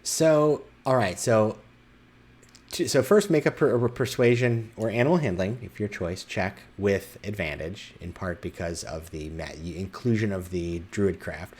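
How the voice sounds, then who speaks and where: Male game master, very low, husky, animated narration. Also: measured pace.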